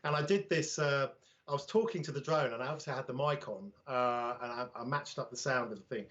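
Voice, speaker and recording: A man's voice: mid-range voice, brisk, fairly bright tone. Chatty British man on a muffled line. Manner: chatty, self-deprecating, anecdotal. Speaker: drone YouTuber guest. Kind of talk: casual livestream chat.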